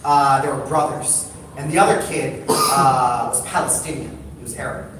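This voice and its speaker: A man from the United States telling stories to a live audience, animated and quick to put on voices and ask the crowd questions. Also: mid-range voice. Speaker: storyteller. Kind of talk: live storytelling talk to an audience. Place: large hall with audience. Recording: echoey hall from far off, background noise.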